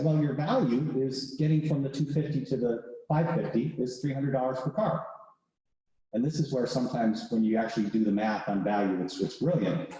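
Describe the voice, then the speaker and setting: A man lectures on pricing in a loose, conversational way, tagging his points with quick "right?" checks. His voice is mellow and dark. It rings out in a very echoey room. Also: medium pitch. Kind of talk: classroom lecture with case story.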